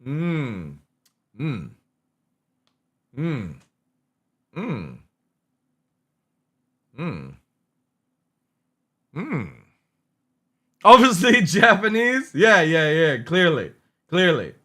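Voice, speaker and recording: A man's voice: a little high, wildly swooping pitch, drawn-out words, long pauses, pushed and bright. A young Scottish man chatting with his viewers while streaming a game, blunt and sweary, humming and musing aloud as he thinks. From Scotland. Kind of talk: casual live-stream chat.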